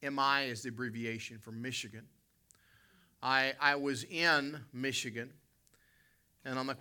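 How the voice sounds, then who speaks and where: A middle-aged American man from West Virginia preaching, his voice very bright and forceful. He speaks straight to the congregation and drifts into a rambling personal anecdote, stopping to fix his own words. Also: mid-range voice, fairly even intonation, a little slow, long pauses, smooth. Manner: storytelling, self-correcting, addresses congregation directly.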